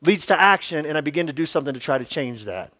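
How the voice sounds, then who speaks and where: High-voiced man preaching a casual sermon. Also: animated, quick pace, bright, forceful tone, no room sound, clean studio sound. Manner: conversational and joking, with rhetorical questions; emphatic, stretching key words for effect. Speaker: pastor.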